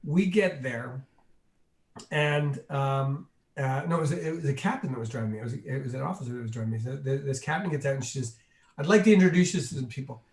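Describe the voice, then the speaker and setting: A man, a guest in an interview, telling a long behind-the-scenes anecdote with lively energy and acting out the voices of the people in it. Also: medium pitch, fairly quick. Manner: animated, acts out the people in his story. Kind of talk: anecdotal storytelling. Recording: roomy echo.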